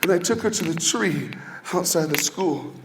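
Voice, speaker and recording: A man's voice: fairly high pitch, animated, moderate pace, a little hiss or hum. A male motivational speaker giving an inspirational speech to a school audience, telling personal stories and asking rhetorical questions. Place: large hall with an audience. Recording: long hall reverb, faint ambience.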